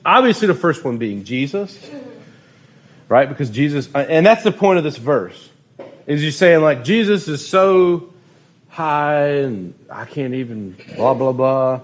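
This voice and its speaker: A man leading a casual youth group talk, loose and joking, with animated storytelling. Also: medium pitch, slightly rough, highs cut off.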